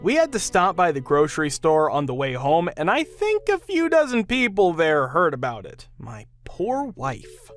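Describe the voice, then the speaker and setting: A man with a high voice reads out short funny anecdotes one after another, his pitch bouncing up and down as he goes. His delivery is even and read-aloud, and faint music plays behind him. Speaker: narrator. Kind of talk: reading online anecdotes aloud.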